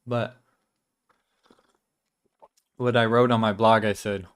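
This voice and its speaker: A man's voice: on the low side, flat delivery, slow, pauses often, a bit bright. A young man hosting a casual weekly vlog, chatting loosely about his life while chewing gum and swearing now and then. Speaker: vlog host.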